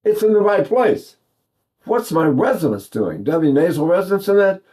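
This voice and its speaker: An older man from East Texas gives a singing lesson in a rambling, folksy way, restarting often and singing demonstrations. His voice sits high and warm, with big pitch swings and a slightly fast pace.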